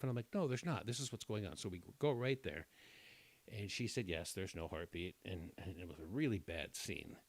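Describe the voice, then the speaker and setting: A man telling a long personal story in casual chat, rambling and self-deprecating, often clearing his throat. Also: lowish voice, lively intonation, fairly quick.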